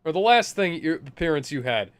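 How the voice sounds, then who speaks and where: A sarcastic man riffing on a film with friends, his voice a little high and swinging widely up and down. He swears freely and sounds exasperated with what he is watching. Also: big pitch swings, fairly quick, a crowd in the background. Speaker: movie commentary co-host. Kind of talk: casual riffing movie commentary.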